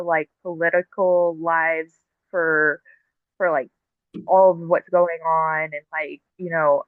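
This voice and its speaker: A woman's voice: fairly low pitch, dry recording. Woman talking over a tinny phone line. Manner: halting, filler-heavy, explanatory. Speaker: podcast guest, TikTok live host. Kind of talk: casual conversational interview.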